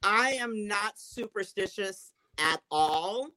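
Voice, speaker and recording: A woman's voice: mid-range voice, lively intonation, slow, bright, forceful tone, poor audio. A woman guest in a casual chat, explaining her habits at length.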